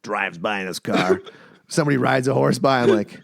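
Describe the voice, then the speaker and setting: A man's voice: mid-range voice, moderate pace, gravelly, dry recording, clean studio sound. A man from Manitoba hosting a casual podcast chat, telling stories and acting out the people he quotes. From Manitoba, Canada. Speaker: podcast host.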